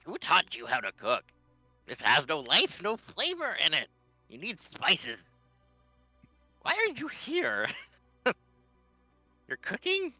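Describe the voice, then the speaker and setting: A squeaky, furious little kobold. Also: male voice, huge pitch swings, slow, pauses often, pushed and bright, dry recording, lo-fi sound, faint music behind, full character voice. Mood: indignant. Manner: indignant, stamping, very passionate. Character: excitable little male kobold cook.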